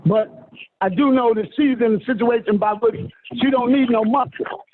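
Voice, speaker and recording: A man's voice: extremely high pitch, normal speed. A man preaching a lecture to listeners on a phone call, emphatic and swooping, addressing them as honey and sister. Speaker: self-styled spiritual teacher. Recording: tinny phone line with faint hiss.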